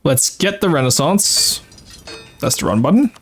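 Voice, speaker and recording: A man's voice: on the high side, big pitch swings, unhurried, breathy edge, soft background music. A man streaming a strategy game, casually thinking aloud and explaining his tactics with frequent "uh"s and self-corrections. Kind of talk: casual live-stream commentary.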